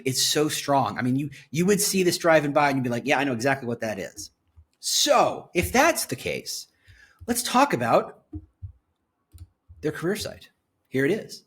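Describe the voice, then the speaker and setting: A husky-voiced man reacts to a company's website as he clicks through it, reading lines aloud and then breaking into commentary. His pitch sits a little high and swings widely, leaping up whenever something delights him. It sounds like he is talking into a desktop mic while recording his screen. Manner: excitable, reads site copy aloud and reacts. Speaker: employer branding commentator. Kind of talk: screen-share website review.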